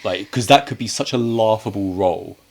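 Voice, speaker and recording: A man's voice: fairly low pitch, brisk. A man co-hosting a casual film review, chatty and joking, acting out scenes with quoted lines. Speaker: podcast co-host.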